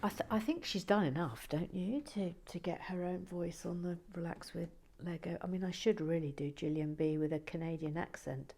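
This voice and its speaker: A woman hosting a relaxing building video, talking softly with dry teasing humour, often close to a whisper, on a close mic. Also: lowish voice, fairly even intonation, normal speed, few pauses, slight background noise. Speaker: host.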